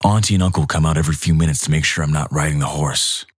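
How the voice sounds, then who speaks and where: A man reading crude internet stories aloud in a flat, plain way. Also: a bass voice, quick pace, husky, no room sound, clean studio sound. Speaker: narrator.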